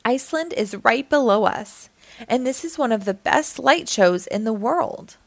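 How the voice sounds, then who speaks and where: A woman's voice: on the high side, lively intonation, measured pace, creaky, dry recording, full character voice. Woman reading as a cheerful old Santa. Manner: warm, smiling, gently explaining.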